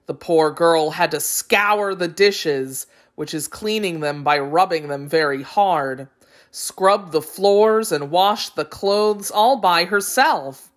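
A woman narrating a children's fairy tale aloud in a clear, expressive read-aloud style. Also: lowish voice, takes it slowly. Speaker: story reader. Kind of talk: storybook narration for young children.

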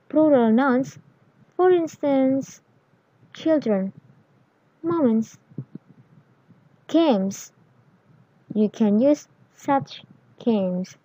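A woman explaining English grammar in a lesson, reading example words and phrases deliberately. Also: fairly high pitch, mellow, lo-fi sound.

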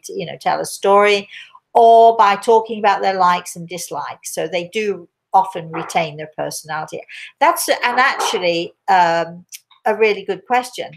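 Older English woman, gentle rambling medium. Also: mid-range voice, creaky. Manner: gentle, rambling, many restarts. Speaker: spiritual medium answering viewer questions. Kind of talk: live Q&A chat.

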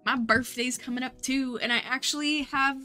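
A woman's voice: high-pitched, fairly even intonation, moderate pace, sharp tone. A woman in her late twenties chatting casually on a gaming livestream, laughing often and swearing freely. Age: late 20s. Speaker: streamer. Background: light background music.

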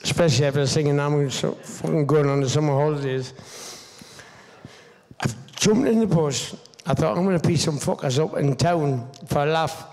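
Gravelly man telling stories on stage. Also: on the high side, moderate pace, darkish tone. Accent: Geordie. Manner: swearing, rambling storyteller with restarts. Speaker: guest speaker. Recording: stage mic in a reverberant hall.

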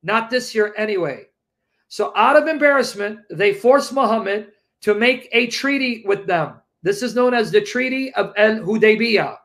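A man's voice: sits high, lively intonation, normal speed, a bit bright. A man telling a story as commentary in an emphatic, incredulous way, acting out the quotes. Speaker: religious debate show co-host.

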